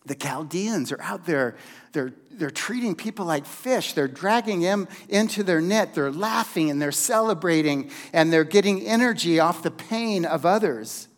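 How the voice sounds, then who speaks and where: A man preaching a sermon in a slow, deliberate way, with dramatic pauses and hushed emphasis. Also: a little high, animated. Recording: long hall reverb.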